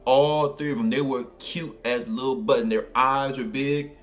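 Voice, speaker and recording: Animated New Orleans storyteller, man. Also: mid-range voice, normal speed, soft background music. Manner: animated, colloquial, many fillers. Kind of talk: casual spoken storytelling.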